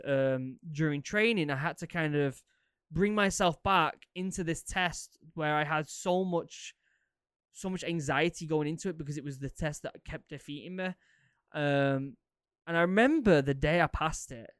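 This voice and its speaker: Podcast host in his thirties, a rambling, animated storyteller with a smooth, clear voice. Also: fairly high pitch, unhurried, dry recording, clean studio sound. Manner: rambling, animated, lots of fillers and repeats. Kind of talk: casual storytelling, answering listener questions.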